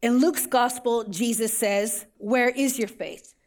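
A woman's voice: a little high, fairly even intonation, slow. A middle-aged woman preaching a sermon as a pastor, telling the story with everyday examples and rhetorical questions.

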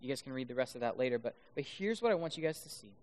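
A young man preaching a youth sermon, earnest, often repeating his words and swinging from loud to soft. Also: mid-range voice, sing-song, rapid-fire. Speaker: youth pastor.

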